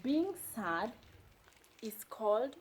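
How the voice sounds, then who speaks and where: A woman from Kenya teaching a slow beginner language lesson, repeating each phrase carefully. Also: a little high, very animated, husky, rough recording. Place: indoors during heavy rain. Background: rain.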